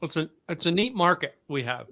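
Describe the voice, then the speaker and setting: Bright, forceful man telling stories. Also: a little high, brisk. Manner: animated anecdotes, stumbling restarts. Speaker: podcast co-host. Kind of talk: casual chat with storytelling.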